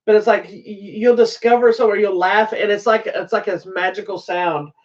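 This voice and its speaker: A man's voice: high voice, fairly even intonation, a little fast. Male co-host, playful teasing banter, distant lo-fi mic. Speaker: podcast co-host. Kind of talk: casual TV review chat.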